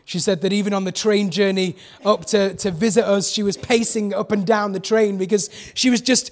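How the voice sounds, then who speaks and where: A man with a notably high voice delivers a sermon. He talks to the congregation as if chatting, often turning to them with rhetorical questions. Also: fairly even intonation, normal speed, hardly any pauses. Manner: conversational, asks the listeners rhetorical questions. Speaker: preacher.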